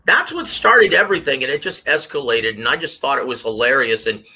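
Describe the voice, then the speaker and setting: A man giving his take on a boxing panel, telling stories and acting out quotes in a lively way. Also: mid-range voice, fairly quick, husky. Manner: animated storyteller, acts out quotes. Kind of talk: casual panel commentary.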